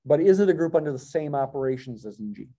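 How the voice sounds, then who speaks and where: Dark-voiced man lecturing on math. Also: fairly high pitch, animated, fast talker. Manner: thinking aloud, self-correcting, wry asides. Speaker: math professor. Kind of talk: classroom lecture.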